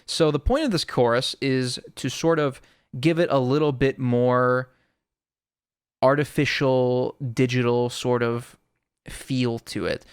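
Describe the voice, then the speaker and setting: A man's voice: medium pitch, steady tone, takes it slowly, clean tone, no room sound. A man giving a casual audio tutorial, explaining in a laid-back way with lots of "sort of", close to a studio microphone. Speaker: music producer explaining sound design.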